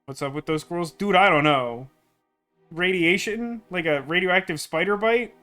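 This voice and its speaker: Young male let's play host, casual and rambly, bright, slightly high voice. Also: moderate pace, soft background music. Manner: chatty, rambling with many fillers. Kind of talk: casual gameplay commentary.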